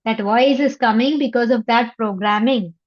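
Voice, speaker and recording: A woman giving a parenting masterclass, speaking slowly and earnestly, often saying "yes" to check in and acting out parents' worried inner thoughts. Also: fairly high pitch, muffled recording. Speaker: parenting educator. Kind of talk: masterclass lecture.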